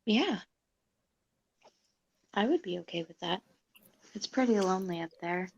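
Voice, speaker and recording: A woman player in a tabletop role-playing game, speaking earnestly and softly in character. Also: medium pitch, measured pace, gravelly, slightly rough, dry recording, muffled recording.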